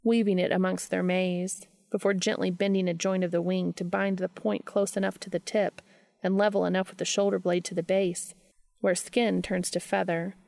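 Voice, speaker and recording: Low gravelly woman narrator. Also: a little mellow, dry recording. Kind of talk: scripted audiobook narration.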